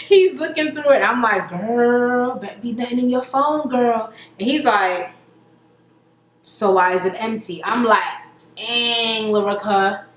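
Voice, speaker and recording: A young adult woman casually recapping a reality show, chatty and animated, acting out the quotes with laughter. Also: on the high side. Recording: echoey room with faint noise.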